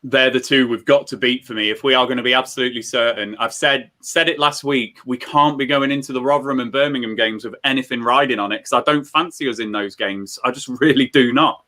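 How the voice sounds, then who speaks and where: A man's voice: mid-range voice, fast, few pauses. A man hosting a live football watchalong, reading out viewer comments and venting about his team's form. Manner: reads out viewer comments, frustrated and animated. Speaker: football fan watchalong host. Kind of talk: casual live watchalong chat.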